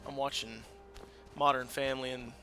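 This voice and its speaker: Loud, excitable man narrating gameplay. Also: mid-range voice, normal speed, faint music behind. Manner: loud, excitable, swings between yelling and quiet; crude, joking asides. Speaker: let's play host. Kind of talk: casual gameplay commentary. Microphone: desk microphone that peaks. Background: game audio.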